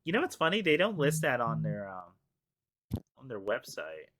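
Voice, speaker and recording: A man's voice: mid-range voice, huge pitch swings, a little slow, slight background noise. A man co-hosting a casual podcast chat, teasing his friend in a playful way. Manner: teasing, playful, pleads loudly in jest. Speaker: podcast co-host.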